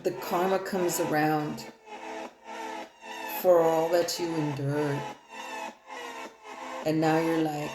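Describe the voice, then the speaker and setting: A woman's voice: deep voice, little pitch movement, slow pace, long pauses. A woman giving a loose, rambling tarot reading in casual, profane talk. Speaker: tarot reader. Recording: echoey room with loud music.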